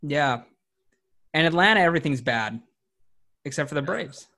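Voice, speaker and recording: A man's voice: on the high side, animated, sharp tone. A young man co-hosting a sports podcast, chatting casually, rambling and ribbing his co-hosts. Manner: teasing, rambling, quick jokes at his co-hosts. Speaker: podcast co-host.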